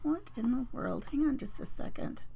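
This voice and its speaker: Chatty woman with a gravelly voice. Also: high-pitched, expressive, normal speed, dark tone, slight background noise. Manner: chatty, rambling, with many fillers and restarts. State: croaky. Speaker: host of a papercraft livestream. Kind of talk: casual live-stream chat.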